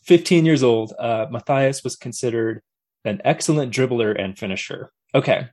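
A man hosting a podcast in casual chat. He reads from notes, then breaks off playfully with jokes and questions, at a middling pitch. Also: moderate pace, darkish tone. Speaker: podcast host.

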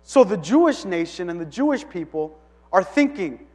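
A man with a notably high-pitched voice preaches a relaxed teaching sermon, chatty and loose, full of "like" and restarts. His voice rings with a long reverb from a big hall. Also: normal speed. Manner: conversational, many "like" fillers and restarts.

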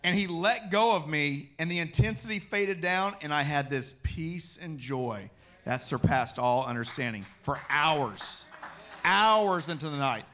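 A man with a fairly high voice preaching his own testimony. His tone is bright and forceful. He tells his story with energy and acts out the lines he once spoke. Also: a little slow. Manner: animated storytelling, acting out his own quotes. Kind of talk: personal testimony sermon.

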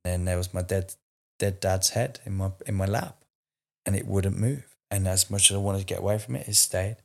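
A man's voice: sits low, normal speed, gravelly. A man in his forties telling a raw, emotional personal story in a candid conversation, swearing freely. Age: 40s.

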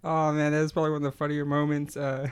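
A man's voice: fairly high pitch, completely flat delivery, fast talker, smooth. A man in his twenties co-hosting a podcast, telling a rambling story with frequent laughs. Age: 20s. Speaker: podcast co-host. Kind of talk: casual chat.

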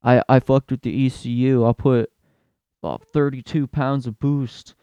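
A cocky young car bro who can't stop bragging about his tuned-up ride, as a man puts him on in a comedy rant. He repeats himself and calls everyone bro. The voice sits mid-pitch and comes through smooth and clear in a dry, close recording. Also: fairly even intonation, unhurried, mellow, no room sound, muffled recording, natural voice. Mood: boastful. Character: boastful young male car-tuning bro.

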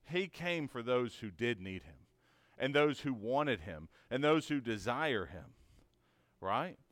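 A man's voice: medium pitch, big pitch swings, takes it slowly, fairly bright tone, dry recording. A man teaching a conversational Bible lesson in an earnest, encouraging way, asking many rhetorical questions and often checking in with "right?".

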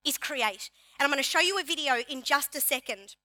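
A woman pastor preaching a sermon in an animated, emphatic way, repeating key phrases for her congregation. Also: high-pitched, brisk, dry recording. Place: church.

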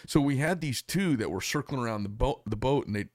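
A man's voice: medium pitch, expressive, brisk, no echo, studio quality. A man from Arizona hosting a podcast, telling a long story in a rambling way with lots of fillers. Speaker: podcast host. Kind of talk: casual storytelling chat. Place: studio.

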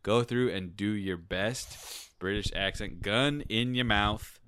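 Wry, bright low-voiced co-host. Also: male voice, slow, clean tone, no echo. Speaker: podcast co-host. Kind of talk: casual comedic chat. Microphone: video call.

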